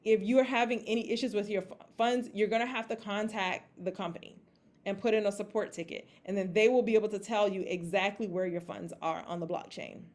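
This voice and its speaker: A woman's voice: medium pitch, fairly even intonation, fairly quick, a little mellow. A woman giving a casual how-to talk to a group, checking in often with "okay?" and "all right?", and acting out panicked reactions now and then. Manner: acts out her own panicked reactions in a raised voice. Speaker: crypto investing presenter.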